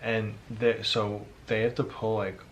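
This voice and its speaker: A young man with a somewhat low voice tells his part of the story casually and with energy, acting out what others said. Faint noise runs under the home recording. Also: unhurried, dull audio. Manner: animated, acts out quotes, says like a lot. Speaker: vlogger, partner telling his side. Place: home at night.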